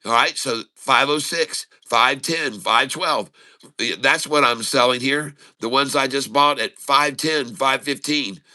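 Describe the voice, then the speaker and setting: A man giving excited running commentary on his live day trades, calling out prices and talking to viewers as folks. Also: mid-range voice, measured pace. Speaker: day-trading streamer.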